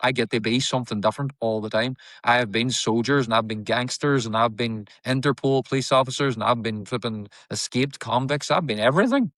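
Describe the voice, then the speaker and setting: A man speaks quickly in a candid interview, piling up emphatic repetitions. His voice sits at an ordinary pitch, and the sound is dry and close, with no room around it. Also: a bit bright, dry recording. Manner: fast, repetitive, emphatic, swears casually. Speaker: actor and filmmaker guest.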